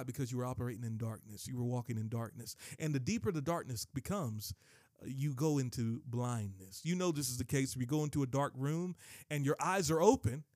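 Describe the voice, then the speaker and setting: A man's voice: medium pitch, darkish tone, no room sound, studio quality. A man preaching a sermon with emphatic delivery, often repeating and restarting his phrases. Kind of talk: sermon teaching.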